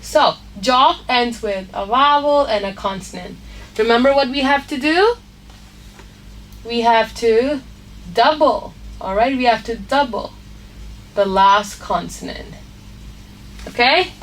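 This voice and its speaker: Female teacher, unhurried lesson delivery with lots of "okay?", recorded a bit off-mic. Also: on the high side, fairly bright tone, recorded from a distance, poor audio. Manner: patient, repeats points with frequent "okay?" checks. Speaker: English phonics teacher. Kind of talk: online grammar lesson.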